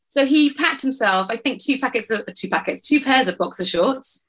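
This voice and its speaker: A woman's voice: high-pitched, expressive, normal speed, a bit bright, low-quality recording. A middle-aged woman on a podcast panel, telling a family story in casual chat and acting out what everyone said.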